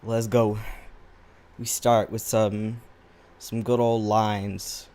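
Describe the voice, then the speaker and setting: His voice here is fairly low and darkish, with a flat delivery and drawn-out words. Weary, he chats loosely as he draws on camera, rambling in a self-deprecating way.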